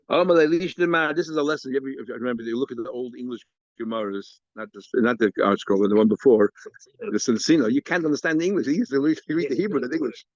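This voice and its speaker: A man, a rabbi, teaching an informal Talmud lesson, explaining in quick stop-start bursts with many repeated words and restarts. He acts out the sages' exchanges in a raised, mocking pitch. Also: dry recording. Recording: dull, lo-fi lecture recording.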